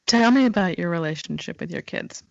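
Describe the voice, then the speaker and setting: Low-voiced woman podcast host. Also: lively intonation, a little fast, gravelly, dry recording. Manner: attentive, brief affirmations. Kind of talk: interview questions. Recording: muffled lo-fi audio.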